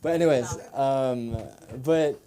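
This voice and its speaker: A man's voice: medium pitch, takes it slowly, dark tone. A young man doing open-mic stand-up, nervous and rambling, with many fillers and restarts. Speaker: stand-up comedian. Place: comedy club stage.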